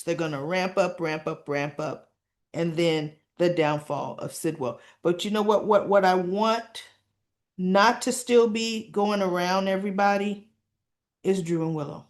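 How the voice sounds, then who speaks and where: A woman hosting a soap opera recap, talking casually and with strong opinions, acting out the characters' lines in quick quotes. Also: fairly low pitch, darkish tone. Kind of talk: casual chat.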